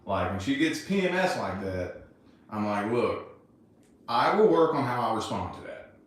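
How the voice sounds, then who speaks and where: A man's voice: medium pitch, big pitch swings, normal speed. A man co-hosting a casual couple chat, talking frankly and reflectively and swearing freely. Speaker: podcast co-host. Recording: echoey room, distant mic.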